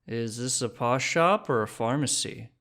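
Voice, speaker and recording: A man voicing a centuries-old being stuck in a drunk old man's body, talking carelessly and a bit loud. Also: medium pitch, measured pace, natural voice. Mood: tipsy. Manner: slurred, careless.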